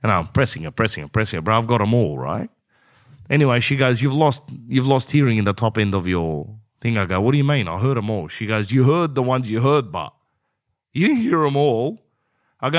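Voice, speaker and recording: A man's voice: mid-range voice, sing-song, moderate pace. Rambling man telling a comic story. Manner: rambling, says "bro" often, acts out both sides of dialogue. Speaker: comedian.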